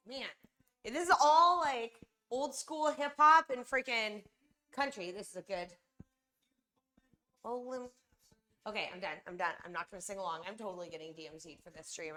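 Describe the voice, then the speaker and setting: A woman's voice: high-pitched, a bit bright. A young woman from California chatting casually and rambling to her viewers on a live stream while she bakes.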